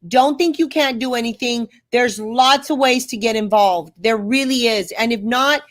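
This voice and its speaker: A woman's voice: a little high, moderate pace. A woman hosting a political webcast, urging her listeners to act. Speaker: host.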